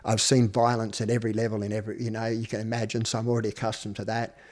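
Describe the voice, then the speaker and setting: Very fast and on the low side, this man's darkish voice barely moves in pitch. An Australian in his fifties, he's an interview guest candidly recounting his life story with blunt profanity.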